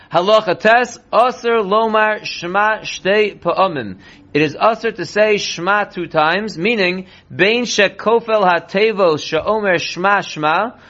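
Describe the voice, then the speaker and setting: A rabbi teaching a line-by-line text study lesson, reading Hebrew slowly and then explaining it in quick English. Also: male voice, high voice, fairly bright tone. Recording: dull lo-fi recording.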